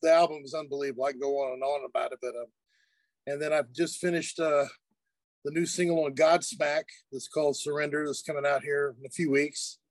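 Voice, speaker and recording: A man's voice: a little high, brisk, no echo. A man, a music producer and engineer, talking casually as a guest from his studio, with easy laughs and many restarts. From United States. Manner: relaxed, chatty, laughs easily, many fillers and restarts. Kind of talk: casual interview chat.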